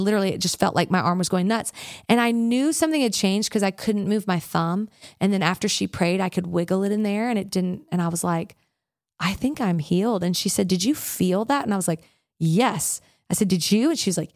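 A woman worship leader in a casual interview, telling stories with lively acted-out quotes and many "like"s. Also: mid-range voice, no room sound, studio quality. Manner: animated storyteller, acts out quotes, frequent "like".

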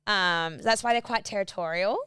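A woman's voice: mid-range voice, normal speed, pushed and bright, clean tone, no room sound. A young woman, co-hosting a podcast and telling stories in a casual, chatty way full of fillers and swearing. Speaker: podcast co-host. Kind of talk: casual chat.

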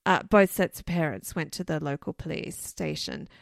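Low-pitched and creaky, this woman speaks at a moderate pace while co-hosting a podcast. She tells a case casually and loosely, with plenty of "you know" and "like" asides. The recording is dry and studio quality.

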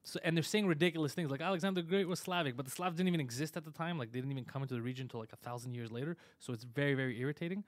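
A man hosting a live show, giving a fast, opinionated rant full of swearing. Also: fairly high pitch, dry recording. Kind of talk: casual live-stream chat.

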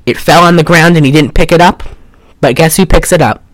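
A man's voice: fairly high pitch, brisk, a bit bright. A man co-hosting a casual chat, recapping a film in a rambling, jokey way with lots of fillers. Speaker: podcast co-host.

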